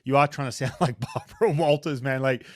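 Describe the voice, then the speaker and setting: A man's voice: mid-range voice, a little fast, no room sound. A man in his thirties with an Australian accent, chatting casually and self-deprecatingly in an interview. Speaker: retired pitcher, baseball analyst. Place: home basement.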